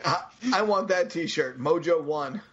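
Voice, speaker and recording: A man hosts a casual comic-book podcast, joking and rambling. His voice sits high and sounds husky. The recording is dull and lo-fi. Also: measured pace. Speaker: podcast host. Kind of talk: casual chat.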